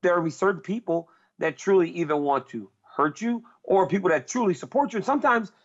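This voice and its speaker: A man's voice: high-pitched, expressive, a little fast, highs cut off. A man talking as a guest in casual chat, earnest and repeating himself as he searches for words.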